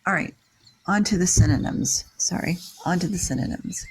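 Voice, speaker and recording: An older person leading a scripture class, chanting Sanskrit syllables slowly and explaining verse meter and word meanings in a casual way. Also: medium pitch, breathy edge, poor audio. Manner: reads out word-by-word glosses in a steady list. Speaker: leader of a scripture reading class.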